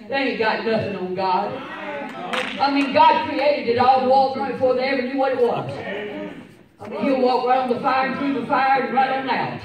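A woman's voice: a little high, distant mic, dull audio. Fervent woman preacher, echoey church. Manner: fervent preaching, rising to shouts, dropping to soft personal storytelling. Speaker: pastor. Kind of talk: sermon. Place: church sanctuary. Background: congregation responses.

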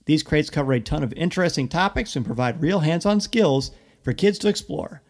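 A man's voice: a little high, expressive, fairly quick. A man, a host and parent, reading an upbeat sponsor ad with enthusiasm. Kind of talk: read ad spot.

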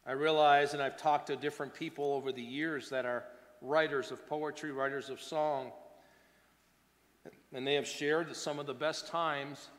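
A pastor delivering a sermon, his delivery swinging between hushed and loud. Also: on the high side, fairly even intonation, moderate pace, big-room sound. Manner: preaching with wide swings between soft and loud.

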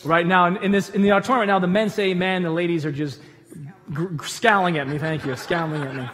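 High-voiced pastor preaching in a reverberant church. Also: male voice, moderate pace. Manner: animated storytelling with humorous asides. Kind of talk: conversational sermon. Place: church auditorium.

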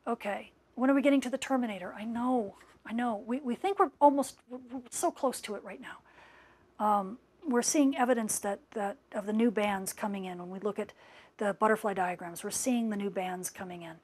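A woman's voice: medium pitch, moderate pace, darkish tone. A middle-aged woman hosting a live-stream Q&A, gushing with enthusiasm and thanks to viewers, her voice worn out after hours of talking. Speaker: space weather scientist hosting a live Q&A. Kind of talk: live-stream chat reading viewer comments.

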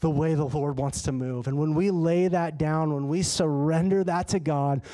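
A man preaching a sermon in a church, telling a personal story in a lively, conversational way. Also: on the high side, moderate pace. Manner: animated and conversational, acts out his own dialogue. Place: church sanctuary.

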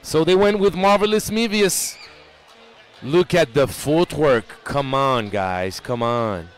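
High-voiced excitable basketball commentator, man. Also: slow, smooth, soft background music. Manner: excitable, rises to shouts on big plays. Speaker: play-by-play commentator.

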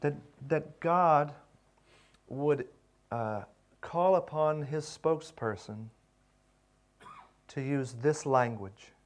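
A man teaching a seminary class on pastoral care, reflective and unhurried, with many pauses. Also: fairly high pitch. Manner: slow, reflective, with pauses and fillers. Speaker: seminary lecturer. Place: lecture room.

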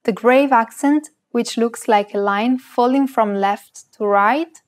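A woman co-hosting a scripted language lesson. She says example words slowly and carefully so that learners can repeat them. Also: on the high side.

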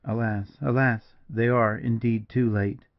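A fragile, tearful young wife, put on by a male audiobook narrator, raised a little in pitch yet still gravelly, pleading and anguished. The dull lo-fi recording muffles her. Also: steady tone, unhurried, dry recording, lightly acted.

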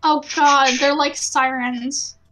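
A woman's voice: sits high, little pitch movement, slow, pushed and bright, soft background music. A woman playing in a tabletop game over voice chat, chatty and practical. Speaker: player.

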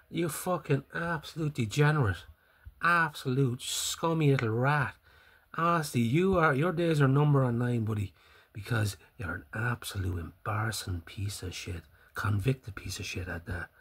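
A young Irish man delivering a sweary, scornful rant as an online commentator, hurling insults and now and then bursting into loud laughter. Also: medium pitch, husky. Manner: breaks into loud laughing fits. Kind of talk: profane ranting commentary.

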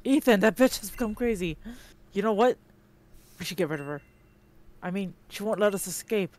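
A woman's voice: mid-range voice, animated, moderate pace, darkish tone. A woman co-hosting a game playthrough, laughing often and swearing as she reacts and reads lines. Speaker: let's play co-host. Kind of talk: casual game commentary and reading dialogue.

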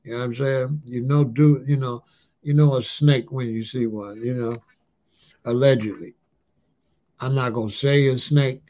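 A man's voice: mid-range voice, steady tone, moderate pace, warm tone. A man giving a casual ranting monologue in loose street slang, often tagging lines with "allegedly" and "you know what I'm saying". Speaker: commentator on a talk channel. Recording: dull lo-fi sound.

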